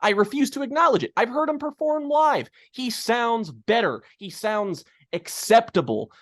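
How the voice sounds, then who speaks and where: A man's voice: mid-range voice, no room sound. A man from Kentucky co-hosting a music podcast, ranting in casual chat, swearing freely and stumbling over restarts. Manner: ranting, profane, full of restarts and stammers. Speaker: podcast co-host.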